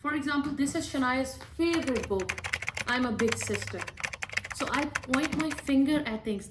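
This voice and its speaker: A woman's voice: sits high, lively intonation, moderate pace. Mother explaining reading tips, roomy echo. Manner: friendly and explanatory, with some fillers. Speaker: mother giving reading tips for young children. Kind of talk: casual instructional talk showing books.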